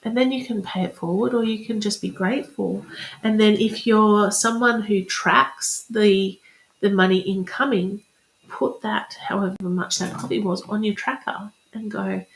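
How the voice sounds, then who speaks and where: A woman's voice: mid-range voice, steady tone, unhurried, vocal fry. A woman speaking as a spiritual reader and coach in a chatty, encouraging live-streamed talk, repeating affirmations. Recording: roomy echo.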